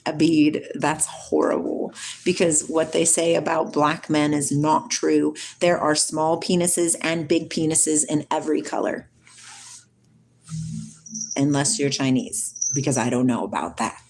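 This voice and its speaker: A woman chats live with her viewers in a loose, giggly way, laughing often and wandering off on tangents. Her voice sits a little low for a woman. A faint hum runs under her voice. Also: fairly even intonation, unhurried, darkish tone. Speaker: livestream host reading viewer comments. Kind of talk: casual spiritual livestream chat with reading aloud.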